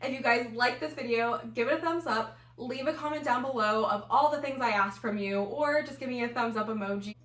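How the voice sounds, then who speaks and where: A chatty woman who vlogs about plants and knitting talks casually to the camera in a roomy home space, fairly quick and with hardly any pauses, sprinkling in lots of "like." Her voice is on the high side and a bit bright, she sounds slightly winded, and the distant mic picks up a roomy echo.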